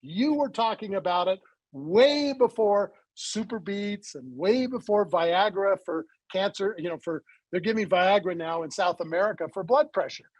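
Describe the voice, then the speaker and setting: A man with a high, husky voice talks as a guest on an interview, recorded close in a dry, dead space. He tells his story in a lively way and acts out the conversations as he goes. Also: moderate pace, no echo, poor audio. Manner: animated storyteller who acts out quoted dialogue. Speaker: interview guest, supplement company founder.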